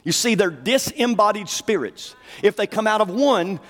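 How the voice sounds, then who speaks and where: A male preacher delivering a fervent sermon, dropping to low asides and rising to shouted declarations. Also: animated, moderate pace, in a large hall.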